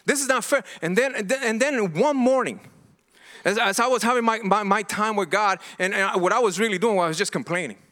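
A man's voice: high-pitched, a little fast, sharp tone. A middle-aged man preaching a sermon as pastor, earnest and impassioned, often restarting and repeating himself.

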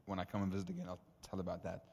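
Preacher in a reverberant hall. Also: male voice, deep voice, racing, creaky. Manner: animated, acts out dialogue in stories. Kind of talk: storytelling sermon testimony.

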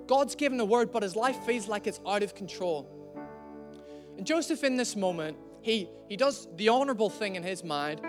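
High-voiced preacher. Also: male voice. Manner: conversational, slows down to stress key lines. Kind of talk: sermon with storytelling.

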